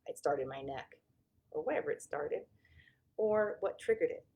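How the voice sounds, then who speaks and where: A woman therapist speaks in a low, grounded voice, talking straight to her viewers. Her delivery is conversational and candid, and she often restarts her sentences as she works out how to explain things. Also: animated, moderate pace, a little mellow. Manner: conversational, self-correcting, candid.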